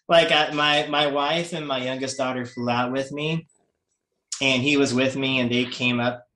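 A man tells stories on a podcast, animated and quick to laugh, often stumbling over and repeating his words. His voice sits at a middle pitch, and the room around him sounds echoey. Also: slight background noise. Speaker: guest, skateboarder and skatepark designer. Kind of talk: casual podcast chat.

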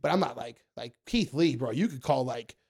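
A young man telling stories in a casual podcast chat, acting out quotes in a high voice. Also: normal speed, gravelly, husky. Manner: animated storyteller, acts out quotes in a high voice. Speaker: guest, food content creator.

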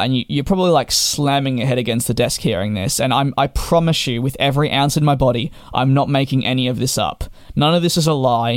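A young man talks straight to camera, recounting his troubles with emphatic exasperation. His voice sits at an ordinary middle pitch, and the recording is close and dry with no room sound. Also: no room sound. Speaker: travel vlogger. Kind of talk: casual monologue to camera.

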